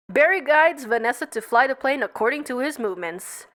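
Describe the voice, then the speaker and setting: Young woman, playful script read-aloud, high pitch, bright tone, lively delivery. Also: a little fast, hardly any pauses. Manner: playful, stumbles over words and laughs at herself. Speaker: script reader.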